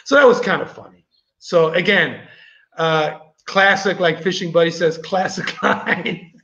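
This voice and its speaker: A man's voice: on the high side, fairly even intonation, moderate pace, fairly bright tone. A man hosting a vlog, telling a rambling story to his viewers in a casual, chatty way. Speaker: vlogger host. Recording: echoey, slightly dull recording.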